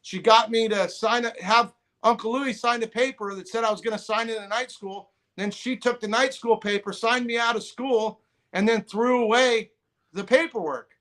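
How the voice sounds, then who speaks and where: Man with a high voice, middle-aged, rambling story, restarts a lot. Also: normal speed. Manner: rambling, restarts, quotes others in lively voices. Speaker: podcast guest. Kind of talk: casual storytelling.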